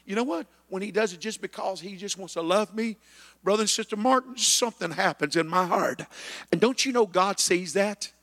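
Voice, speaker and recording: A man preaching a sermon, punctuating with amens and rising to shouted peaks. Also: sits high, moderate pace, in a large hall. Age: 50s. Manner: builds to shouted climaxes, chanting amen.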